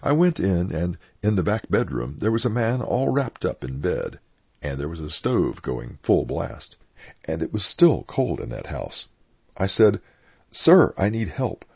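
An older man, a clergyman, reading his own personal anecdotes aloud in a plain, unhurried storytelling manner. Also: deep voice, big pitch swings, creaky, darkish tone, slightly rough, no room sound. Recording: dull lo-fi dry recording.

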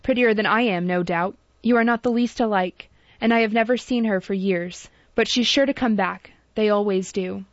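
A woman's voice: medium pitch, normal speed, no room sound, natural voice. Earnest young guy pleading with his cousin, woman reader doing him, audiobook, dull dry lo-fi sound. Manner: imploring, apologetic. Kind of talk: audiobook character reading.

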